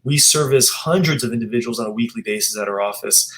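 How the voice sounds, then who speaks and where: A man's voice: mid-range voice, fast talker, a bit bright. A man, a chiropractor guest on a podcast, telling earnest stories with many restarts. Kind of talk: podcast interview chat.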